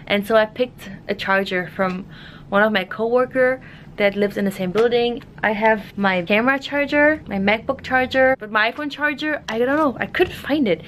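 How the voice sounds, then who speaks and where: A woman's voice: on the high side, normal speed, fairly bright tone, a little hiss or hum. A young woman working as a flight attendant, chatting casually in a rambling, giggly vlog style. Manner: chatty, rambling, laughs often.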